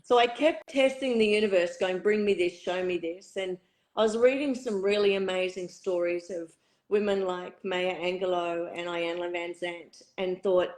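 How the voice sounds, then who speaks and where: A middle-aged woman with a hoarse, husky voice, a spiritual retreat facilitator telling her story candidly in an interview. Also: lowish voice, steady tone, normal speed, a little mellow, poor audio. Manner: candid, reflective, uses fillers. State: hoarse, croaky throat.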